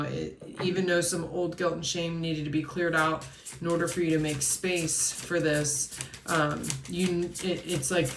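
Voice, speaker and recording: A woman hosting a collective card reading, talking in a soft, flowing spiritual way with frequent fillers and restarts. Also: low voice, vocal fry, echoey room, distant mic, a little hiss or hum. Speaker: host and intuitive card reader.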